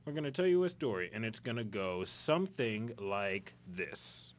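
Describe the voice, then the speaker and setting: A man's voice: on the low side, very animated. Playful young male radio host. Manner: playful, laughs often, quick reactions. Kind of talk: casual family chat on college radio. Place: radio studio.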